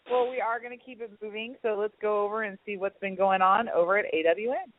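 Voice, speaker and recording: A man's voice: sits high, steady tone, normal speed, slight background noise. A man co-hosting a radio talk show, giving agreeable, supportive reactions in casual chat. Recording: tinny phone-like radio sound, dry.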